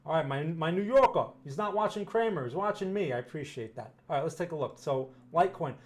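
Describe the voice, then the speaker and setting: A man's voice: a little high, expressive, fast talker. A man as market analyst, talking through charts and answering chat questions in a loose, conversational way, often repeating phrases for emphasis. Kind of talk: casual livestream market commentary.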